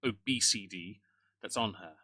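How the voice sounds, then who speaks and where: A man's voice: lowish voice, unhurried, pushed and bright, slight background noise. A man hosting a casual livestream, with blunt, sarcastic and profane commentary.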